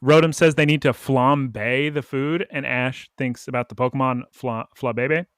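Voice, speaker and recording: A man co-hosting a casual podcast, animatedly retelling a cartoon episode with quick quoted voices and laughs. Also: mid-range voice, clean tone, no echo, studio quality. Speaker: podcast co-host.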